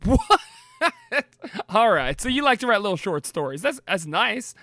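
A tabletop player who jokes with the group in character and laughs easily. The voice has a bright, sharp edge and a lively pitch, recorded close and dry. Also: no echo. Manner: joking, quick to laugh.

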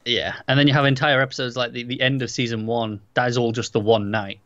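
A man's voice: mid-range voice, flat delivery, fast talker, a bit bright, highs cut off. A man co-hosting a casual review chat, easygoing and agreeable. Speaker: podcast co-host.

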